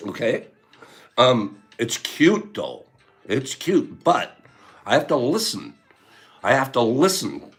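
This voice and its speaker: A man's voice: fairly low pitch, big pitch swings, takes it slowly, a bit bright. Rambling, teasing livestream host man. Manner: rambling, teasing, laughs often. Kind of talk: casual chat reading viewer comments.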